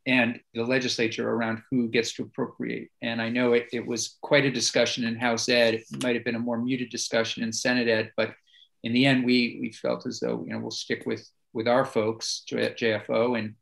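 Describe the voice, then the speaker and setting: A man chairing a committee meeting, his voice gravelly with plenty of fry. He talks in a loose, easygoing way, hedging and filling pauses as he moves the discussion along. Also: medium pitch, rough recording. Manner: relaxed, hedging with fillers.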